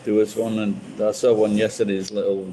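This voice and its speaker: A man's voice: lowish voice, flat delivery, brisk, warm tone, rough recording. A man from Sheffield with a Sheffield accent, chatting casually with viewers on a livestream and rambling with frequent restarts. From Sheffield, England. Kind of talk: casual chat.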